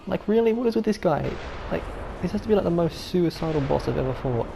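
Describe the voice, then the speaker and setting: Low, gravelly woman doing gameplay commentary. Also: lively intonation, a little fast, background noise. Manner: rambling, repeats herself, self-mocking; putting on an unnamed accent. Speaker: gaming channel host.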